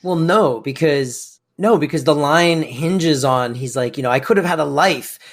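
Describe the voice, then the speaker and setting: A young man co-hosting a podcast, chatting casually and acting out lines from an episode in quick, lively bursts. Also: fairly high pitch. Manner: animated, acts out quotes in quick bursts. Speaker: podcast co-host. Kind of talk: casual chat recapping a sitcom episode.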